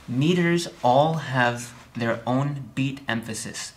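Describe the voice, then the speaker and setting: A male music theory instructor at a middle pitch, talking through a recorded lesson in a chatty, slightly wry way. He keeps checking in with the viewer and calls out beat counts with strong emphasis on the downbeats. A faint hiss sits under the voice. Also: slow.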